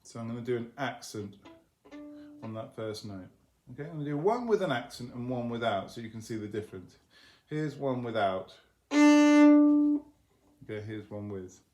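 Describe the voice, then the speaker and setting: A man teaching a violin lesson in a relaxed, explanatory way, often singing phrases of the tune on nonsense syllables. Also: medium pitch, brisk, over loud music. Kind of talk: instructional lesson video.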